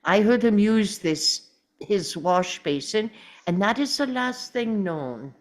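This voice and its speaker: A fastidious, courteous male detective, read by a woman at a table read. He speaks slowly and precisely, and his pitch rises and falls a lot. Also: expressive. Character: fastidious polite male detective, middle-aged.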